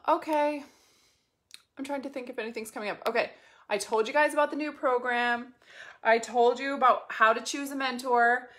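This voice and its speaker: A woman coach talking casually and bluntly to her viewers, swearing freely and in an animated way. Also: high-pitched, normal speed, long pauses. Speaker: business coach. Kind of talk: casual motivational talk to viewers.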